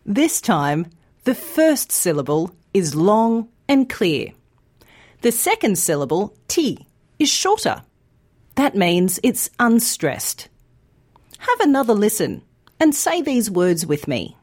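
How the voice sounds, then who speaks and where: A woman teaching English pronunciation in a scripted lesson, enunciating each word slowly and clearly. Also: mid-range voice, sing-song, a little mellow. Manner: slow, clear, deliberate enunciation.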